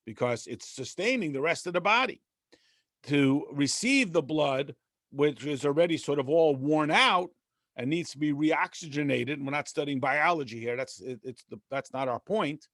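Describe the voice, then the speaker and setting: High-voiced rabbi teaching a text class. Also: male voice, no room sound, clean studio sound. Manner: acts out dialogue with lively voices. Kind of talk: conversational text lesson.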